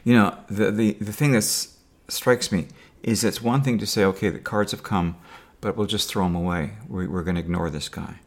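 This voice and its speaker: A man's voice: fairly low pitch, moderate pace, hardly any pauses. A man talking to camera in a rambling personal monologue, with dry sarcastic humor and many fillers and restarts. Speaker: video diarist.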